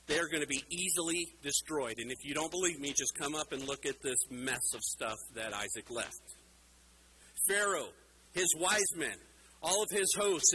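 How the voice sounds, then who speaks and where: A man's voice: high-pitched, a little hiss or hum, low-quality recording. A man giving a playful children's sermon in a church, talking straight to the kids and teasing a young helper. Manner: playful, animated, talks directly to kids in the room. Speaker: pastor. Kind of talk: children's sermon with a hands-on demonstration.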